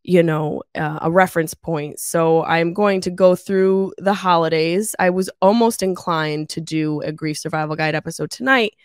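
A woman in her thirties hosting her own podcast with a stuffy nose from a cold, chatting in a lively, swearing, joking way from her mother's house on a travel mic. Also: lowish voice, moderate pace, hardly any pauses, dry recording, clean studio sound. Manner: animated, swearing, laughing storyteller. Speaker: podcast host. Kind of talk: casual solo podcast chat. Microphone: travel mic without pop filter.

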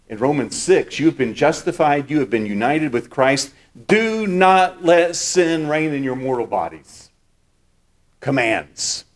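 A man preaching a sermon as pastor. He explains scripture step by step and repeats key words for emphasis. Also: on the high side.

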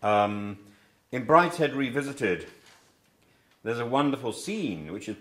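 A man's voice: medium pitch, lively intonation, a little slow, fairly bright tone. A man from England teaching a class about books, rambling and chatty, with many fillers and restarts. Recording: echoey classroom.

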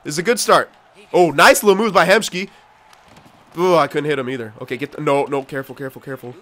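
A young man giving live commentary on his own hockey video game play, excitable and swearing loudly at the computer players. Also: on the high side, fast talker. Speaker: gameplay commentator.

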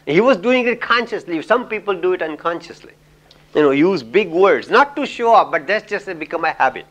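Middle-aged lecturer from India, somewhat high-voiced, chatty storyteller. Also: male voice, sing-song, brisk, a bit bright. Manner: chatty, frequent "you know", laughs at own stories. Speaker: communication trainer and lecturer. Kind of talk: lecture with anecdotes.

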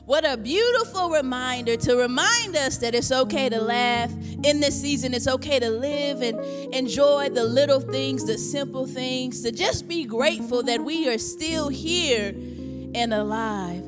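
A woman's voice: high-pitched, measured pace, big-room sound, loud music behind the voice. A woman hosting a church stream, thanking the guest and encouraging viewers. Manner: encouraging, speaks to viewers as family. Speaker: church host. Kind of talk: closing announcements.

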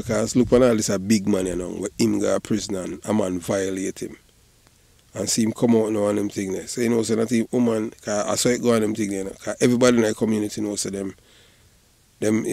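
Gravelly Jamaican man, rambling commentary. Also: on the low side, dark tone, dry recording. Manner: rambling, repeats "you know", bursts into laughter. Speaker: online commentator. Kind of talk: casual patois commentary.

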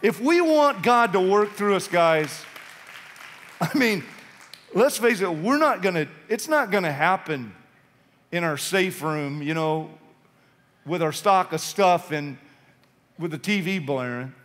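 A man's voice: sits high, expressive, a little slow, pauses often, fairly bright tone, some chatter behind. A male pastor preaching an impassioned, urgent sermon in a church sanctuary. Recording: long reverb of a church hall.

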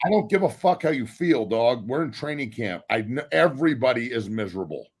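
A man's voice: mid-range voice, lively intonation, fairly quick, breathy edge. A man talking football on a podcast as a guest, blunt and full of profanity. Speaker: guest, former football player. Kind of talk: casual podcast debate.

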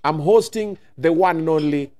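A man's voice: fairly high pitch, normal speed, dark tone. A man hosting a casual talk show interview, playful and teasing, switching between English and Swahili. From Nigeria.

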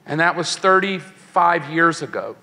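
A man's voice: on the high side, animated, unhurried, sharp tone. A man in his sixties preaching a sermon to young people, telling a personal story with emotion and acting out the voices of others. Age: 60s. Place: large church hall. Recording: long church hall reverb.

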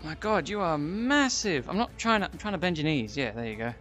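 A man giving excitable VR gameplay commentary, gasping and exclaiming as he plays into a headset mic. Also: a little high, brisk, soft background music. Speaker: gaming YouTuber.

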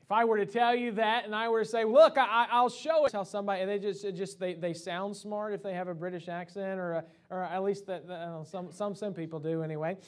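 High-voiced preacher giving a sermon. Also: male voice, little pitch movement, quick pace, hardly any pauses. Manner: conversational preaching with many fillers and restarts. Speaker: pastor. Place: church sanctuary.

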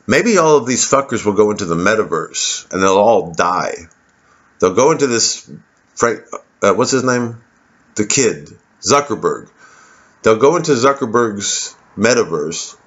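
Man, comedian, sardonic rambling monologue, lowish voice, muffled lo-fi sound. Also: a bit bright. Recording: dull lo-fi recording.

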